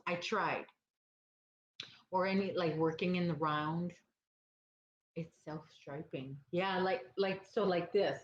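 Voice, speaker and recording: Brief: woman, crochet-stream host, lowish voice, rambling and sleepy, roomy dull recording with faint hiss. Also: steady tone, takes it slowly, long pauses. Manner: rambling, chatty, loses her train of thought. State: sleepy, yawning. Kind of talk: casual chat with live viewers.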